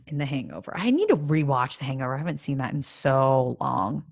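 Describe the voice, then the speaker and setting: A young woman co-hosting a podcast, chatting in a bubbly way and quick to exclaim. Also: extremely low pitch, big pitch swings, vocal fry, no room sound, studio quality. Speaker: podcast co-host. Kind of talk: casual chat.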